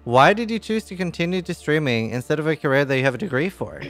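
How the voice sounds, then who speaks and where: A man hosting a stream, reading out viewer questions in a relaxed, upbeat way. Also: on the high side, fast, soft background music. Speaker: host.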